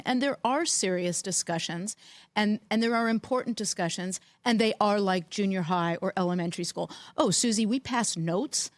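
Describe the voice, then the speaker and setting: A woman's voice: mid-range voice, no echo. Storytelling woman on a dry mic. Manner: animated anecdotes, lively quoted voices. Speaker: podcast co-host, former team executive. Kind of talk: storytelling in casual chat.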